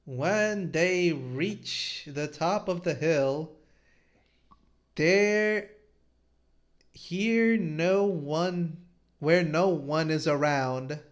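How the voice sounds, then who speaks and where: A man's voice: on the high side, drawn-out words, pauses often. A man hosting a casual comic-review podcast, reading panels aloud and laughing often. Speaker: podcast host.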